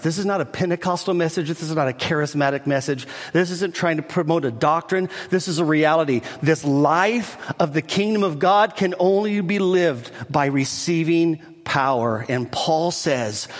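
A middle-aged male pastor delivers a sermon in a somewhat high voice. He preaches fervently, swinging between soaring, emphatic peaks and quiet, tender asides. His words ring out through a hall with a long, lingering reverb. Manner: fervent, rising to near-shouting peaks then dropping to soft, intimate tones.

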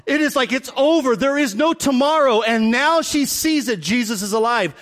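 A high-pitched man preaching a sermon in a church. He tells the story with animated energy and sinks to a near hush for emphasis. His voice carries a long reverb through the sanctuary. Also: normal speed. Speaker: pastor.

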